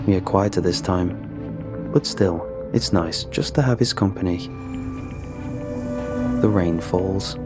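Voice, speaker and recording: Casting: deep male horror narrator, measured and grim, with music clearly underneath. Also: steady tone. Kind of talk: first-person scripted horror narration. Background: background music.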